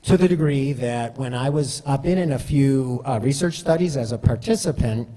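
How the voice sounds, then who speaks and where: A man's voice: medium pitch, normal speed, dark tone, big-room sound. A man giving a conversational storytelling talk, full of fillers and asides like "right?". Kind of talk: storytelling presentation.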